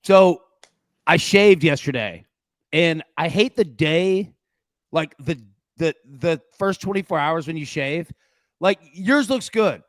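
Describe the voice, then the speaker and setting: A man hosts a sports betting show in loose, casual chat. He gets animated and excitable as he jokes and recaps games. His voice sits a little high, and the sound is dry and close. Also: slow, no room sound.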